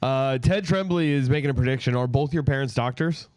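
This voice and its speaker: A man's voice: medium pitch, a little fast, darkish tone, no echo. A man co-hosting a comedy podcast who reads out chat comments and playfully teases his guest. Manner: teasing, playful ribbing. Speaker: podcast co-host. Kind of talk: casual comedic banter, reading chat comments.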